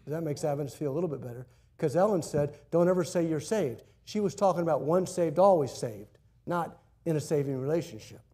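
A male pastor preaching in a church with a slightly higher-than-average voice. He tells stories with animated energy, jumping from loud declarations to hushed asides. His delivery is conversational but emphatic. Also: brisk, breathy edge. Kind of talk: sermon.

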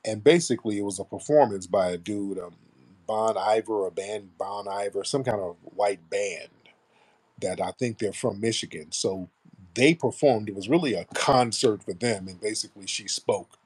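A man's voice: fairly low pitch, normal speed, darkish tone, breathy edge. A man hosting a casual live stream, talking bluntly and sarcastically about the news. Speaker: host.

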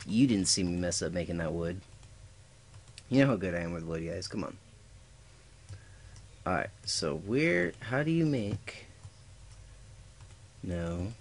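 A man's voice: low voice, animated, a little slow, long pauses, a little hiss or hum. A man giving casual gameplay commentary as a let's player, goofy and talking to himself with little sound effects. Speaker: let's play gamer.

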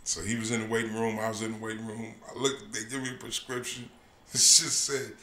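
A man hosting a podcast, telling a story in a profane, animated way and laughing often. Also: on the low side, fairly quick, reverberant. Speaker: podcast host. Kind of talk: casual storytelling.

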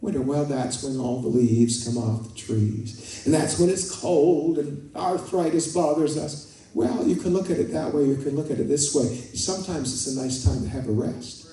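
Male pastor, warm mellow tone, somewhat high voice, sermon from across a booming echoey church. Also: moderate pace. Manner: conversational, storytelling, rising to fervent prayer. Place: church sanctuary. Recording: echoey church hall from far off.

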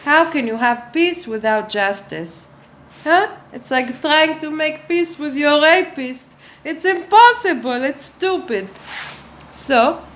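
A woman playing a pompous state spokeswoman who lectures children in a slow, patronizing satirical monologue that spits out "tfu". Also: a little high, fairly bright tone, a little hiss or hum. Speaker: satirical character.

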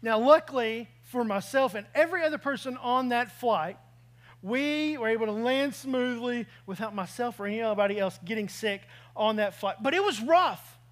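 A high-pitched male pastor preaching to his congregation. He tells a personal travel story with lively, acted-out reactions. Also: moderate pace. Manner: storytelling, acts out his own past reactions. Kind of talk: sermon.

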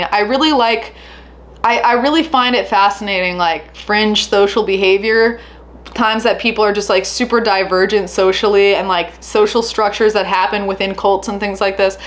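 A woman's voice: mid-range voice, normal speed, a bit bright. A young woman hosting her own video channel, talking casually to viewers with many "like" fillers. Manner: chatty, lots of "like" fillers. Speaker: YouTube host. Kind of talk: casual vlog outro.

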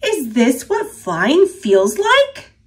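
A woman's voice: sits high, wildly swooping pitch, extremely slow, voice pushed up, heavily acted. A woman voicing a nervous, cautious young oak leaf who speaks timidly. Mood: dreamy.

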